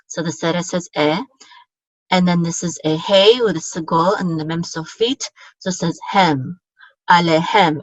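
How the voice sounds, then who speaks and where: A woman teaching a relaxed online language lesson, explaining patiently and often checking in with "okay?". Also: fairly low pitch, no room sound. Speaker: Biblical Hebrew teacher. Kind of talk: casual screen-share lesson. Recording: dull, dry lo-fi sound.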